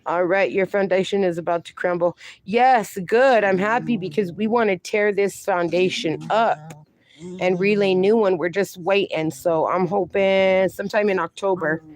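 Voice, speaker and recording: A woman hosting a casual phone livestream at home, chatting warmly with viewers and calling them darling and honey. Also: mid-range voice, moderate pace. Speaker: livestream host. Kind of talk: casual livestream chat, reading chat aloud.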